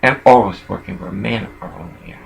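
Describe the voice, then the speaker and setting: An older man in a rambling personal monologue, jumping between thoughts and swinging from muttering to loud outbursts. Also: low-pitched, brisk, vocal fry, rough recording.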